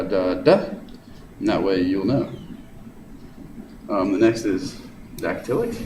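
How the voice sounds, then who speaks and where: A male teacher giving his students an encouraging review lesson, sounding out stress patterns aloud. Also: on the low side. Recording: echoey room with noticeable background hiss.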